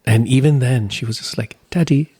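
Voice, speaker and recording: Husky low-voiced playful man. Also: normal speed, a little mellow. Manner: playful, teasing, puts on a child's voice. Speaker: podcast co-host. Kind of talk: casual chat.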